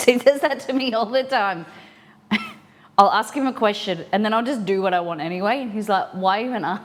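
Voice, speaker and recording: In her home kitchen, a cooking show host streams live, joking around and laughing at herself. Her voice is mid-range and her speed normal; a slight hiss or hum is present alongside the sizzle of frying in a pan.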